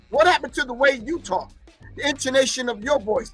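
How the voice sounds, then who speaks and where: High-voiced emphatic male commentator. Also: expressive, fairly quick, fairly bright tone, husky, faint music behind. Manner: emphatic, preaching, repeating key phrases. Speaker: host commenting on archival clips. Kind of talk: commentary on a recorded lecture.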